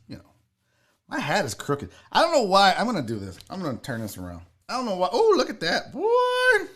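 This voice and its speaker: A man hosting a solo sports talk show, ranting loudly and mockingly with lots of swearing. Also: on the high side. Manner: loud, mocking, profane ranting.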